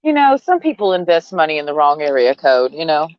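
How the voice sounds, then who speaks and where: Outdoors beneath a tree, a low-voiced woman rants to her camera, very animated and a little fast, her tone clear and resonant. Blunt and sarcastic, she swears liberally and laughs between jabs, all on a dry recording with dull, lo-fi sound.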